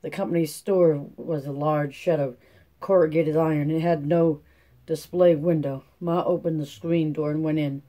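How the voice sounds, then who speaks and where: A man's voice: a little high, mellow. A man reading a classic novel aloud as audiobook narration, giving the characters a light rural dialect. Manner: reads plainly, voicing all characters with light dialect. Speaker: audiobook reader. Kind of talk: scripted narration.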